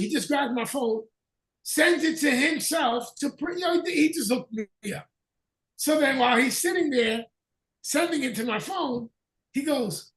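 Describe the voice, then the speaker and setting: A man with a Northern US accent telling a profane, animated story in casual chat on a video call. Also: extremely high pitch, normal speed, echoey room, far from the mic. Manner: profane, animated storyteller who acts out dialogue. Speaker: podcast host.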